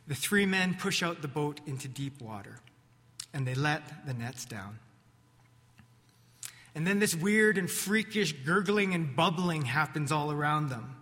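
Slow, bright-voiced preacher telling a story. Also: male voice, sits high. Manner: vivid, animated narration with slow pauses. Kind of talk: dramatic sermon storytelling. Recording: echoey hall reverb.

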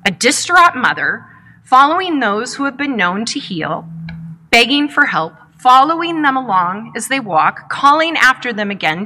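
A woman preaching a sermon in a reflective, measured storytelling manner, asking rhetorical questions. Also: high-pitched, pushed and bright.

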